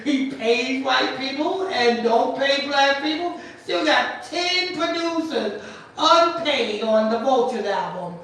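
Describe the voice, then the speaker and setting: A woman hosting a commentary stream, rambling and repeating herself as she rants loudly and questions a voice assistant. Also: sits high, slow. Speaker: channel host. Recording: echoey room, far from mic, faint noise.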